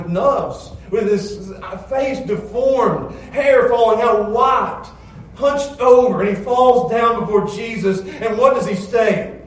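A man preaching with a high voice that rings through a very echoey space. He's heard from some distance off the mic, with a faint hum behind him. He drops into quiet storytelling, then climbs into loud, emphatic preaching. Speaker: pastor. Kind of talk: sermon. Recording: echoey church sound from a distance.

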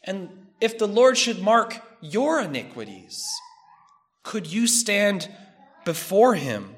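A man preaching a sermon, measured and emphatic, building through repeated phrases. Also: high voice, sing-song.

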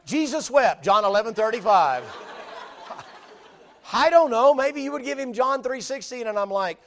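A man's voice: extremely high pitch, expressive, moderate pace, fairly bright tone, slight background noise. A man with a Southern US accent preaching a sermon in a folksy, joking way full of homespun sayings. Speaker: pastor.

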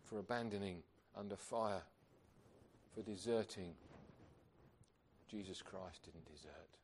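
A man's voice: low voice, slow pace, darkish tone, slight background noise. A man preaching a sermon, earnest and emphatic, asking rhetorical questions of his congregation.

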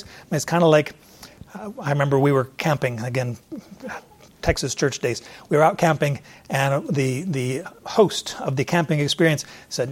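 A middle-aged man preaching a sermon, lively and acting out the voices he quotes. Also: on the high side, normal speed. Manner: animated, acts out voices in quotes. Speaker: pastor.

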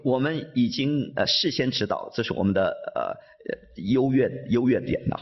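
A man interpreting a sermon live, often stammering and repeating words, lively when he voices the quotes. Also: mid-range voice, normal speed. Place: large conference hall. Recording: dull muffled sound, long reverb in a hall.

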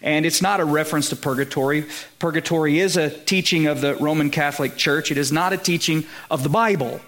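A man with a high, lifted voice and a Southern US accent preaches a sermon. He talks to the congregation conversationally, checking that they follow along. He builds to emphatic high points. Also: brisk, a bit bright. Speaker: pastor.

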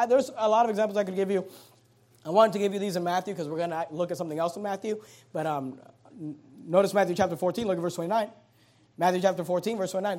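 Male pastor with a very high voice, preaching emphatically and drawing out key words. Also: a little mellow. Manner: emphatic, stretching key words while reading scripture aloud. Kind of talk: sermon.

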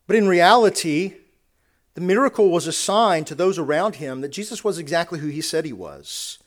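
A man's voice: on the high side, lively intonation, moderate pace. A man preaching a sermon, earnest, often repeating words and restarting phrases as he builds a point.

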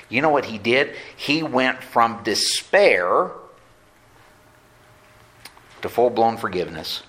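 Bright-voiced man preaching a sermon. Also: medium pitch, expressive. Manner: earnest preaching, slows down for emphasis, acts out quoted voices. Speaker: pastor.

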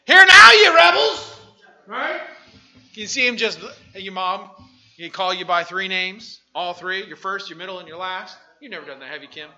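Animated preaching pastor, high bright voice. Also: male voice, normal speed. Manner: animated preaching, swings from soft asides to shouting. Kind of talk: sermon.

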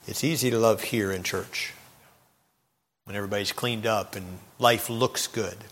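A man preaching a sermon, telling a story dramatically and swinging between loud and hushed moments. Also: lowish voice, steady tone, normal speed, in a large hall. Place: church.

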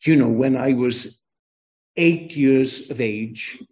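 A man's voice: mid-range voice, takes it slowly, a little mellow. An older man from Wales with a Welsh accent, preaching a children's sermon with emphatic call and response.

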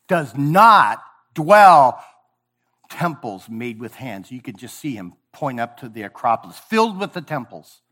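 A man preaching a sermon, emphatic and sometimes sarcastic, swinging from booming lines to hushed ones. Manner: sarcastic mock praise.

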